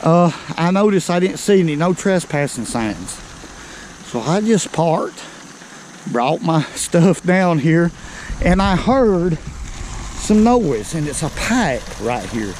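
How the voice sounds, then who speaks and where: A man's voice: fairly high pitch, very animated, slow, darkish tone, a little hiss or hum, low-quality recording. An older man, chatting folksily to his viewers while fishing on a creek bank outdoors, a bit out of breath. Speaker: fishing vlogger. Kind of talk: casual outdoor vlog. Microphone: body-worn camera.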